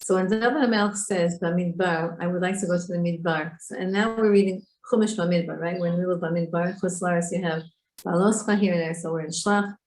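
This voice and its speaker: A woman's voice: fairly low pitch, steady tone, fast talker, darkish tone. A woman teaching a women's Torah class online, explaining Hebrew words and asking her students questions. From Israel. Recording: echoey room.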